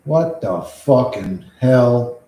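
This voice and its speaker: A man's voice: mid-range voice, lively intonation, very slow, dark tone. A man chatting on a casual livestream, rambling and swearing freely as he reacts to chat. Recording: echoey room.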